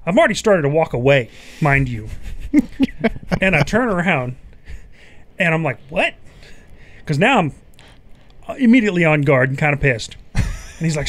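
Man, podcast co-host, fairly high voice, lively swearing storyteller. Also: a little fast, long pauses, no room sound. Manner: animated, profane anecdote telling with laughter. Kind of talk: casual storytelling.

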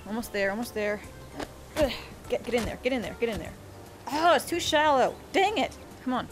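Through a headset mic, this woman plays a VR game and narrates live for her YouTube channel, frequently screaming and yelping excitedly at the characters. Her voice sits on the high side and runs a little fast, with faint music behind.

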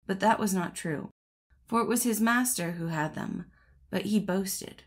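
A woman's voice: mid-range voice, unhurried. A woman host narrating a classic fairy tale as an audiobook, greeting listeners in a friendly, chatty way before reading steadily. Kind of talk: storybook narration.

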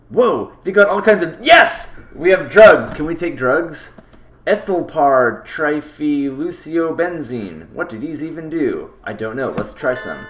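A man's voice: on the high side, expressive, unhurried. A man live-streaming a game playthrough, reading the text aloud and joking about it between lines, talking to his chat. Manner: talks to chat. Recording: roomy echo with faint game music. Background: game music.

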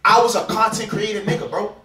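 A man's voice: high voice, level tone, fast talker, pushed and bright. Heated, rambling young man from the Bronx. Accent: New York. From the Bronx, New York. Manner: heated, rambling, profane, repeats himself. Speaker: YouTube prankster. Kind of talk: heated argument with ex-partner. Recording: roomy sound from a distant hidden camera.

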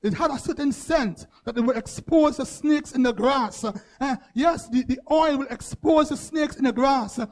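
A male preacher, delivering a sermon in repeated, rhythmic phrases that build to shouts. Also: very high voice, moderate pace, few pauses. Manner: rhythmic repetition, rising to shouts.

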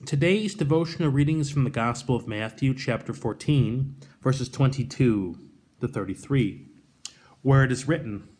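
A man, a pastor, reading scripture and then giving a conversational devotional, retelling the passage with animated paraphrase. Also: mid-range voice, normal speed.

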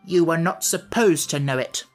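A man's voice: on the high side, moderate pace, faint music behind, close to an everyday voice. A man voicing a bold, scornful girl general. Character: bold scornful young female rebel general.

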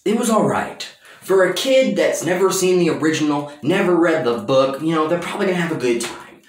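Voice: medium pitch, expressive, a little fast. A film reviewer giving a casual, exasperated rant about a movie, swearing freely, recorded in a bathroom. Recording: echoey bathroom sound.

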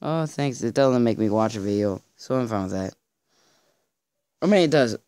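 A man giving let's-play commentary, exasperated and stammering, often pleading out loud with the game. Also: medium pitch, moderate pace. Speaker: gaming video creator.

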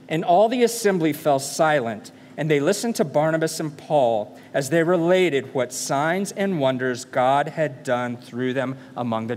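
A male pastor preaching a sermon, animated and full of rhetorical questions, in a church sanctuary. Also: a little high, in a large hall, a little hiss or hum.

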